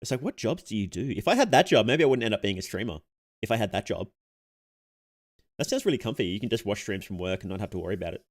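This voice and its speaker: Lively young male streamer. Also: lowish voice, fast talker. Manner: reads chat aloud, laughs often, rambling restarts. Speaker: VTuber streamer. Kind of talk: casual live-stream chat.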